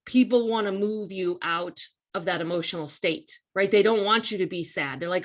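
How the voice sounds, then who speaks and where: A woman's voice: on the low side, moderate pace. Woman doing a live coaching chat, earnest, repeats her points, talks right to you. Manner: earnest, emphatic and repetitive, addresses listeners directly. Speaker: life coach hosting a weekly live talk. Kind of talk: casual motivational talk on a live stream.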